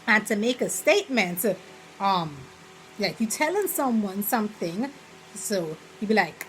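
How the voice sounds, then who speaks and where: A young woman with a Bahamian accent talks through a casual vlog in a relaxed, rambling way. Her voice sits in a middle pitch, and she often breaks into animated little quoted examples. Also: unhurried, a little hiss or hum, low-quality recording. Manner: chatty, rambling, full of "you know" fillers; slips into lively quoted examples. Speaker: vlogger.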